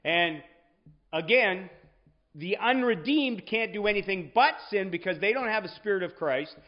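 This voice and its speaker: A man's voice: high-pitched, animated, normal speed, dull audio. A man teaching a Sunday school class on scripture, conversational, often checking in with the room.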